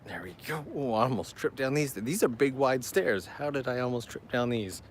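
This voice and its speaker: Male travel streamer, upbeat walking commentary, average pitch, light outdoor noise. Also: expressive, moderate pace. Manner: enthusiastic, chatty, reads viewer messages aloud. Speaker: travel vlogger hosting a live stream. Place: outdoors on a seaside island path.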